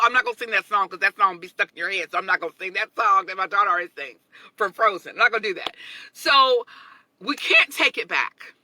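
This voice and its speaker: Expressive chatty woman with a bright voice. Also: mid-range voice, fairly quick, slight background noise, low-quality recording. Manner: chatty, expressive, laughs often, greets viewers by name. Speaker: motivational livestream host. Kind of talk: casual motivational talk to viewers.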